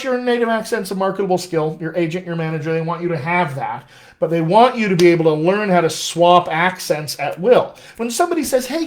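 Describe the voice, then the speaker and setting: A man coaching accents on a live stream, reading out questions and answering in a friendly, upbeat way. His voice sits a little high for a man. He keeps the chat loose and conversational. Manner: upbeat, chatty, reads viewer questions aloud. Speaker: dialect coach.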